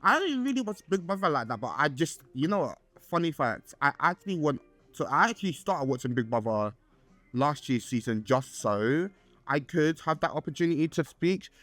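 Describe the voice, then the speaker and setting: A young man hosts his own podcast in a loose, rambling way, his slightly high voice leaping up whenever he gets excited. His sentences restart often and are padded with fillers. The sound is close and dry, with no room echo. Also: normal speed, soft background music. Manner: excitable, with swoops up in pitch. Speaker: podcast host. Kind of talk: casual solo podcast chat.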